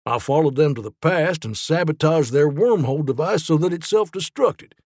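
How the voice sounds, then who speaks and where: A man's voice: fairly high pitch, animated, normal speed, darkish tone, dry recording, pitched above the performer's own voice. A man voicing Zeke, an earnest male Time Ranger explaining and defending a case, in a storybook reading. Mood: urgent. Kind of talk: storybook character voice.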